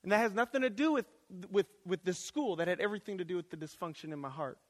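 A man in his thirties preaching a lively chapel sermon, talking casually and swinging from hushed asides to sudden shouts. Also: high-pitched, fast talker. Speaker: chapel speaker. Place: college chapel. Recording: long reverb of a chapel hall.

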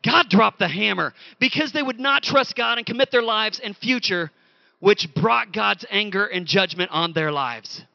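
A man preaching a sermon, telling a story with animated, acted-out quotes. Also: sits high, normal speed, gravelly, no room sound, muffled recording. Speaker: pastor.

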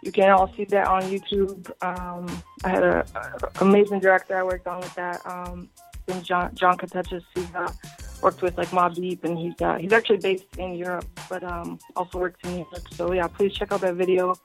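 A woman's voice: fairly low pitch, monotone, normal speed, faint music behind. A woman from Boston who is an R&B singer and songwriter, answering radio interview questions in a friendly way with frequent ums. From Boston, Massachusetts.

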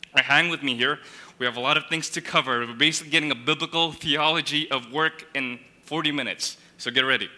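A male pastor delivers a sermon in a bright, ringing, slightly high voice. He is earnest and restarts phrases as he builds his points. His voice carries a long reverb from a church hall. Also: fast talker. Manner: earnest, repeats words while building a point.

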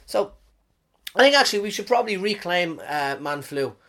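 A man with a head cold rambles through a comic monologue in a slightly high voice. He swears freely, trips over his words and keeps losing his thread, then picks it back up. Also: expressive, moderate pace, bright, forceful tone. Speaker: comedian.

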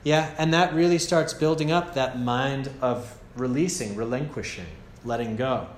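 A man with an American accent giving a gentle, casual meditation teaching at a retreat, often checking in with "yeah?". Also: mid-range voice, moderate pace, slight background noise. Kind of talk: relaxed meditation talk. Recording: echoey room, faint ambience.

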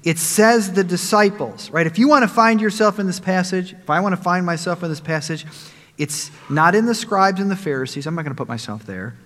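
A man preaching a sermon in a church hall, his slightly high voice carried by a long reverb. He turns emphatic and loud on quoted lines, with halting restarts in between. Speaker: pastor.

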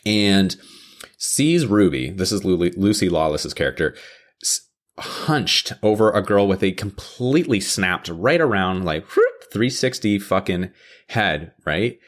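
A man hosting a podcast, hyped up and ranting profanely in a casual show recap, often jumping into high-pitched mocking quotes. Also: lively intonation, unhurried. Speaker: podcast host.

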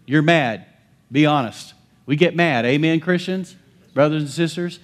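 A man preaching a sermon as pastor, emphatic and swinging between bold calls and hushed asides, often calling to the congregation for amens. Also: on the high side, a little slow.

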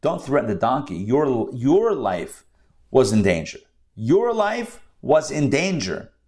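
A man's voice: medium pitch, sing-song, slow pace, a little mellow. Chatty male Bible teacher with jokes. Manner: conversational, joking asides, repeats phrases for emphasis. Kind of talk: scripture lesson with commentary.

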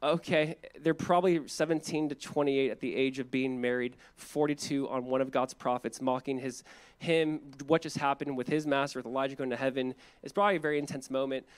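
A man pastor preaching a sermon in an animated, conversational way, acting out quotes and laughing now and then. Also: mid-range voice, brisk, clean tone.

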